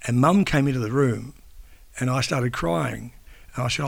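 An older man from New Zealand with a gravelly, fry-laden voice speaks as an interviewee. He was once a newspaper editor and broadcaster. He tells a personal story haltingly, often restarting his sentences. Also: mid-range voice. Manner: halting, with frequent restarts and fillers.

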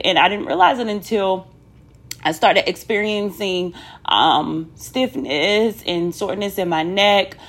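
A woman talking candidly to viewers in a casual personal vlog, chatty, with many ums and asides to "y'all". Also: on the low side. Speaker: vlogger.

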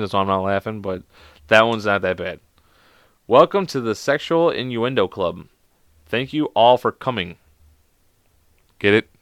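A man's voice: fairly low pitch, fairly bright tone, no echo, studio quality. A man reading bad jokes aloud to his viewers, swearing a lot, laughing at the jokes and mocking himself. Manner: self-deprecating, exasperated. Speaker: video host.

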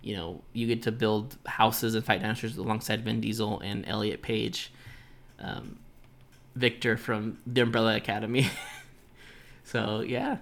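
A man's voice: on the low side, little pitch movement, a little slow, creaky, fairly bright tone. A man hosting a podcast alone, speculating in a casual, loose way. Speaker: podcast host. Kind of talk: solo podcast commentary.

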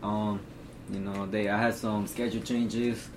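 A teenage man in casual chat, talking haltingly with lots of ums and slang. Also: lowish voice, little pitch movement, noisy background. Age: teens. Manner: halting, filler-heavy with slang. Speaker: co-host.

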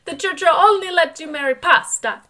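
Bright, high stern old mama in broken English, put on by a woman, for comic podcast banter. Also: fairly quick. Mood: scolding. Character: stern old Italian mother scolding her son.

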